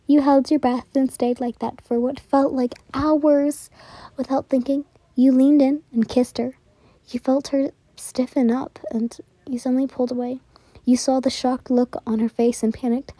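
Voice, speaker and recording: A young woman narrating a whispered role-play story in a soft, easily flustered manner. Her voice sits slightly high with a dark, mellow color. It sounds close and dry. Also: little pitch movement, normal speed, no echo.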